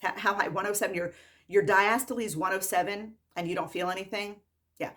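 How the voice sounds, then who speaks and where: A woman medical worker ranting in a vlog monologue, exasperated, repeating herself and rattling off quick lists. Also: mid-range voice, steady tone, a bit bright. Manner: exasperated, repetitive, rapid-fire lists.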